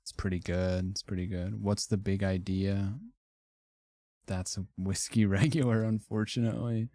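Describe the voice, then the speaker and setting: A young male streamer with a lowish voice, talking in a wry, offhand way while he ranks things for his chat. He swears and laughs freely, and the sound is close and dry with no room around it. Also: little pitch movement, moderate pace, dark tone, no echo. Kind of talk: casual livestream commentary ranking phrases.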